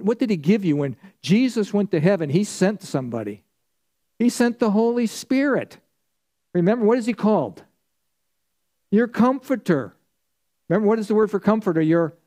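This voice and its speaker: Mellow-voiced man teaching a Bible study. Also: high voice. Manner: conversational teaching, asks the class questions and answers them. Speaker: pastor. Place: church.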